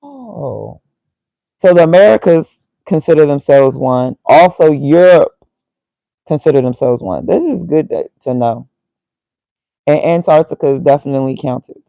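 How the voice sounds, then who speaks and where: A man's voice: a little high, a little slow, gravelly, dark tone, no room sound, low-quality recording. A man casually thinking aloud as he reads, muttering and reacting to himself. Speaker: vlogger.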